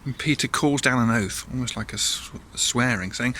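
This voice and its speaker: A man's voice: medium pitch, normal speed, sharp tone. A man leading a church all-age talk, telling a Bible story in a chatty way with asides to listeners and acted voices.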